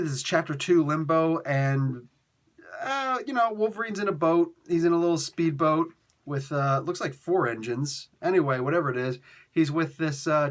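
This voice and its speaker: Rambling man reviewing comics, fairly high voice. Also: a bit bright. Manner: rambling, exasperated asides, frequent fillers and restarts. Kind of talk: casual spoken review.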